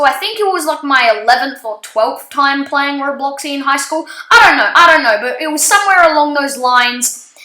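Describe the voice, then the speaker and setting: A woman telling a casual story about something that happened to her in an online game, rambling and halting, with lots of ums and restarts. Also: high voice, bright, forceful tone, reverberant, poor audio. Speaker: gaming channel storyteller.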